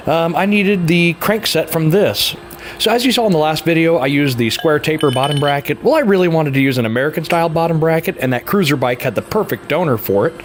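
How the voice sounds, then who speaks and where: A man with a slightly raised pitch talks through his workshop project in an easygoing, offhand way, filling pauses with "uh" and "um" and laughing lightly at himself. Faint workshop ambience sits behind his voice. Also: slight background noise. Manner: laid-back, chuckles often, many fillers. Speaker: hobby frame builder and vlogger. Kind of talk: casual workshop narration.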